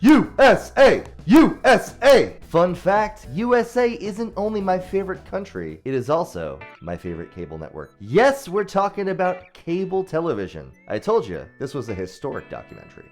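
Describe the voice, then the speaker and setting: A man delivering a scripted comedy monologue, deadpan jokes between quick silly voices. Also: fairly high pitch, soft background music. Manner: deadpan jokey delivery with sudden character voices. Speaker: comedy host.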